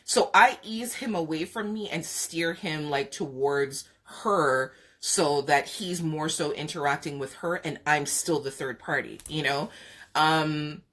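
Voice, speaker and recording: A woman hosting a live podcast, telling a personal story in a frank, chatty way. Her voice sits a little low for a woman. She laughs often and trails into drawn-out pauses. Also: fairly bright tone. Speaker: podcast host. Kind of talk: candid storytelling on a live stream.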